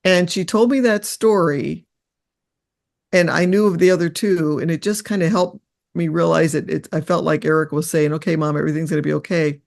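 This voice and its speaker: An older woman, a guest in an interview, telling personal stories in an earnest, reflective, halting way. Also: on the low side, creaky, darkish tone.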